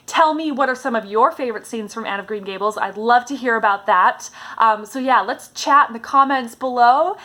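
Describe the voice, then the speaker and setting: A woman's voice: a little high, normal speed, few pauses. Enthusiastic woman retelling stories. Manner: animated, enthusiastic retelling with frequent fillers. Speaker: vlogger and stage actress. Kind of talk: casual storytelling chat to camera.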